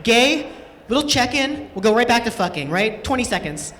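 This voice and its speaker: A woman's voice: on the high side, very animated, moderate pace, fairly bright tone. Playful woman doing stand-up in a hall. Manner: chatty, playful, laughs through lines. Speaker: stand-up comedian. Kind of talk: stand-up comedy set. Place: event stage in a large hall. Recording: long stage hall reverb.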